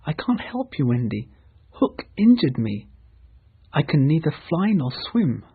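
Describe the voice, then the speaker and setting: A bold, cheerful boy hero from a storybook, as a male reader puts him on, pitched up and calling out. The husky tone comes through a thin, phone-like recording. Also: sing-song, unhurried, exaggerated voice. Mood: urgent. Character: boastful cheerful boy hero Peter Pan. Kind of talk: storybook reading for learners.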